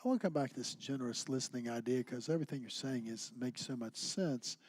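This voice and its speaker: A man co-teaching a church class who shares personal stories in an animated, conversational way. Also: medium pitch, fast, a little hiss or hum. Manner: anecdotal, animated storyteller.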